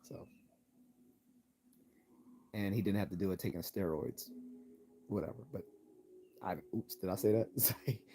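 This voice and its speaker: Losing his voice, a low-pitched man reads chat messages aloud on a casual live-stream Q&A and answers them in a relaxed way. His pace is measured and he pauses often, laughing a lot and repeating words when starting, with a little hiss or hum in the audio.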